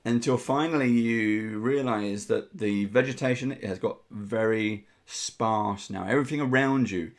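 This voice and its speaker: A man narrating a tabletop game as game master, descriptive and unhurried with frequent ums. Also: on the low side.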